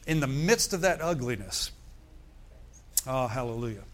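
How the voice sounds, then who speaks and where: A middle-aged pastor preaches a sermon in a medium-pitched, animated, slightly bright voice at a moderate pace. He tosses "amen" and "hallelujah" out to the congregation in call-and-response asides.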